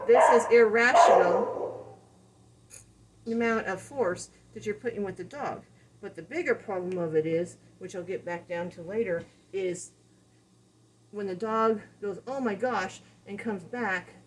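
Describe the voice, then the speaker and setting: A woman's voice: medium pitch, a little hiss or hum, poor audio. A woman dog trainer giving a casual, conversational lesson, explaining with everyday examples. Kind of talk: instructional talk.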